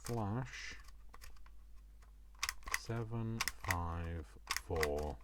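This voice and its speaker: A British crafting vlogger talks to himself in a low voice, extremely slowly, over a very noisy recording. As he works on a craft project, he chats casually and pokes fun at himself.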